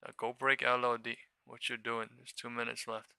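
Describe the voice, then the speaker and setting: Gravelly, sharp-toned male trading streamer. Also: mid-range voice, normal speed, no room sound. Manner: excitable, profane, muttering to himself between outbursts. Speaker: live stock trading streamer. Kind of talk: live trading commentary.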